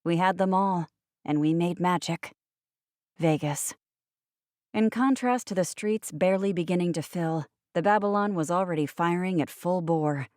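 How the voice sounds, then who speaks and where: A woman's voice: on the low side, normal speed, darkish tone, no room sound. A woman narrating a first-person audiobook with wry, sardonic asides, recorded on a close studio mic.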